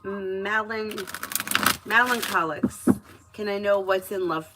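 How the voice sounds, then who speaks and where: Heavy background noise surrounds a mid-range-voiced woman who speaks slowly while giving tarot readings on a live stream. She chats, giggles and tells lively stories between readings.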